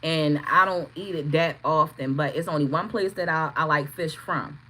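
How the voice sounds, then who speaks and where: Brash, bright-voiced woman. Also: low voice, normal speed, low-quality recording. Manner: profane, blunt, laughing storyteller; greets chat viewers by name. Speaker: tarot reader streaming live. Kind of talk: casual livestream storytelling.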